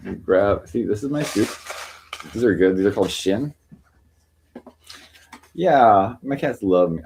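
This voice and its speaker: Male streamer, deep and warm, loose rambling talk, baby-talks his cats. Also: lively intonation, measured pace, vocal fry, long pauses, slight background noise. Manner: rambling, full of fillers, coos at his cats in a higher voice. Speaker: livestreamer. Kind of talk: casual live-stream chat.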